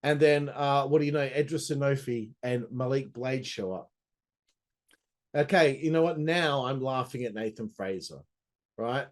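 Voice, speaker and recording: A man's voice: medium pitch, normal speed. A man hosting a casual wrestling review, rambling with crude jokes and asides. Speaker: host.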